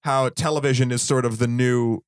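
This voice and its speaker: A man's voice: medium pitch, fairly even intonation, moderate pace, clean tone, dry recording, clean studio sound. A man hosting a podcast in casual chat, rambling and swearing, laughing often. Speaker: podcast host.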